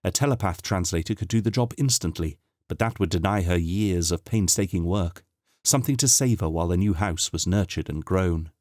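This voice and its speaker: A man narrating an unabridged audiobook in a steady, measured reading voice. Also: deep voice, no echo, clean studio sound. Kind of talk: scripted narration.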